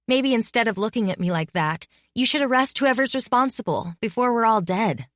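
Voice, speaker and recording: A young female student, played by a woman narrator, earnest and indignant, pushing back despite her fear. The voice rises brighter than the narration, recorded dry and close. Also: on the high side, lively intonation, fairly quick, no echo, voice pushed up, natural voice. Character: young woman student, defiant but scared.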